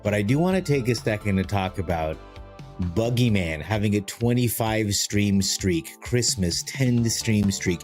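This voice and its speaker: A man's voice: fairly low pitch, darkish tone. Jokey man hosting a live stream. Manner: jokey, rambling, greets chatters by name. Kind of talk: casual live-stream chat. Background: faint music.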